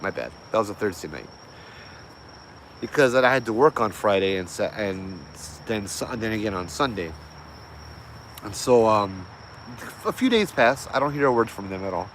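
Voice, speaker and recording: A man's voice: fairly low pitch, a bit bright, slight background noise, low-quality recording. A middle-aged man, casually telling a ghost story in a loose, rambling way, correcting himself as he goes. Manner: easygoing, rambling with fillers and self-corrections.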